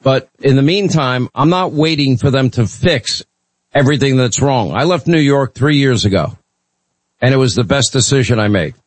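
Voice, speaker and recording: A man's voice: mid-range voice, expressive, moderate pace, no room sound, rough recording. A man hosting a talk radio call-in show, blunt and opinionated, bantering with callers.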